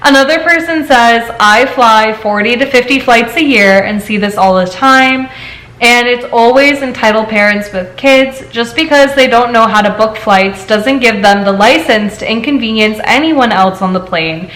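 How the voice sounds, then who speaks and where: A woman hosting a casual chat show, reading stories aloud and telling her own story in an animated way. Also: on the high side, moderate pace. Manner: animated storyteller, laughs often. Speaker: host. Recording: echoey room.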